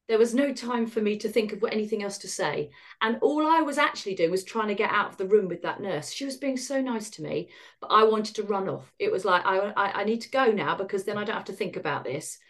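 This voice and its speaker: A middle-aged woman talks candidly as a podcast guest. Her delivery is frank and wry, and she voices the remembered exchanges as if replaying them. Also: mid-range voice. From United Kingdom. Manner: frank and self-deprecating, acts out quoted dialogue. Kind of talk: candid personal storytelling.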